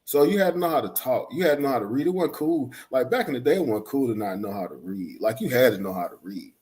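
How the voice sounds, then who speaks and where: A middle-aged man from Atlanta speaks at an ordinary middle pitch. He talks in a relaxed, reflective way as a podcast guest, circling back with "you know" and "right?" while he tells his story. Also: quick pace. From Atlanta, Georgia. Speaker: school principal, guest. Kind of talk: casual podcast conversation.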